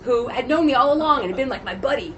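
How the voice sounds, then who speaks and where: A voice actress telling stories in an animated, laughing way during a casual convention interview. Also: female voice, high-pitched, quick pace, lo-fi sound. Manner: animated, laughing often, acts out quotes. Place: convention media panel. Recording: noisy convention floor.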